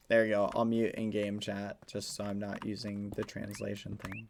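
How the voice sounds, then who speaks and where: Excitable male game streamer. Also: fairly low pitch, normal speed, gravelly, few pauses, background noise. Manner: excitable, laughs often, talks to chat. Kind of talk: casual live-stream chat.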